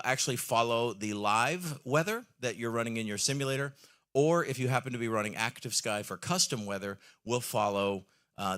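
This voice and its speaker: A man's voice: fairly low pitch, bright, forceful tone. A man giving an enthusiastic live product presentation on a trade-show stage, with frequent ums and questions to the audience.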